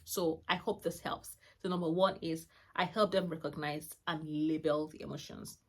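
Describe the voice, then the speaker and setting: A woman of about forty, a mother with her own channel, speaks to the camera in a low, steady voice at a moderate pace. She offers parenting advice in a warm, chatty, rambling style, full of fillers and restarts.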